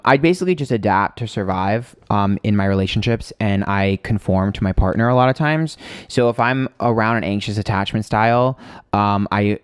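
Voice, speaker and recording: Livestream host, male, lowish voice, chatty storyteller who swears a lot, dry close sound. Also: smooth, no echo. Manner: chatty storytelling, swears freely, greets viewers. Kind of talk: casual livestream chat.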